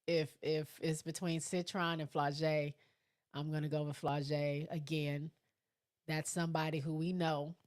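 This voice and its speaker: A woman with a low-pitched voice hosts a live stream, answering viewer comments in a relaxed, chatty way. A frog in her throat keeps her clearing it between thoughts. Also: unhurried. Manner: chatty, reacts to each comment. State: throat irritation, clears throat often. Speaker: live show host reading viewer comments. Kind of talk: casual live-stream chat.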